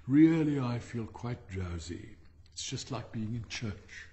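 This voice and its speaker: A man's voice: medium pitch, unhurried, dark tone, long reverb tail, close to an everyday voice. A man voicing the miller's doting wife, who speaks in a drowsy, admiring way.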